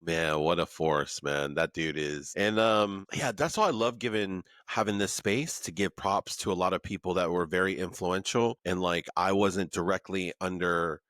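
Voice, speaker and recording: Podcast host: a low-voiced man on a dry, close track, keen and chatty. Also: normal speed, few pauses, fairly bright tone, no room sound. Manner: enthusiastic, says "like" and "man" often. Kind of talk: casual interview chat. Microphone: remote recording.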